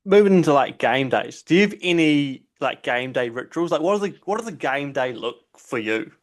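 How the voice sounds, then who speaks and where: A man hosting a casual podcast interview, chatty and quick to laugh along. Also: medium pitch, animated. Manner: chatty, laughs along, brief encouraging replies. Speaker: podcast host.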